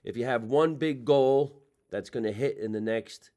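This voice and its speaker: A man's voice: mid-range voice, moderate pace, dark tone. A man with a New Jersey accent hosting a comedy podcast, telling stories in a casual chat. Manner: chatty storyteller, laughs often.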